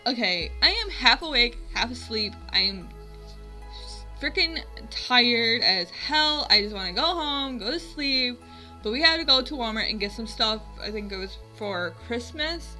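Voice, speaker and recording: A woman's voice: a little high, animated, measured pace, sharp tone, soft background music, poor audio. A young woman in her twenties from the US, rambling through a funny personal story to her vlog viewers, filler words throughout. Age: 20s. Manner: rambling, self-mocking, lots of "like" fillers. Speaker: vlogger. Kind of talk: casual storytelling to camera.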